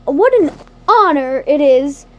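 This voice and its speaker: A woman's voice: sits high, lively intonation, slow, dull audio. A woman voicing a perky teenage girl putting on a mock-formal ace reporter voice for an interview.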